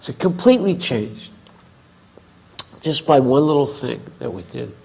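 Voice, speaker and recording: A man's voice: medium pitch, expressive, measured pace, gravelly, mellow, slightly rough, low-quality recording. A man giving a class at a temple, telling a story conversationally and acting out both sides of a dialogue. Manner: conversational, acts out quoted dialogue. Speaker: temple speaker.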